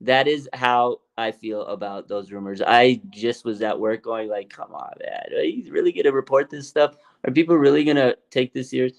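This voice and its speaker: A man's voice: mid-range voice, moderate pace, gravelly, hardly any pauses. A man hosting a casual sports livestream, often laughing and mocking rumors while reading out chat comments. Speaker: sports show host. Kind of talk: casual live-stream commentary.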